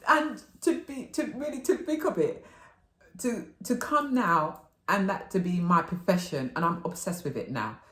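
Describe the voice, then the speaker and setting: A middle-aged woman telling rambling, animated stories in a chatty haul video, swearing and laughing freely. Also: fairly low pitch, normal speed. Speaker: vlogger. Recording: roomy echo.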